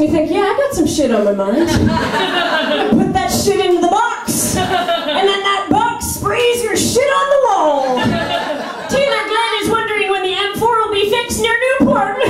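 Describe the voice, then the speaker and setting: A woman comedian with a high-pitched voice delivers a wry stand-up set. The club room rings with strong echo. A crowd laughs along behind her. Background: audience laughing.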